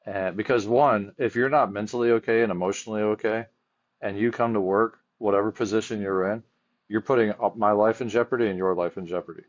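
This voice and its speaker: A man's voice: lowish voice, fairly even intonation, brisk. A man, a firefighter and chaplain, talks earnestly in a casual podcast conversation, often restarting his sentences as he tells stories. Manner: earnest storyteller with frequent restarts. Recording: dull lo-fi audio.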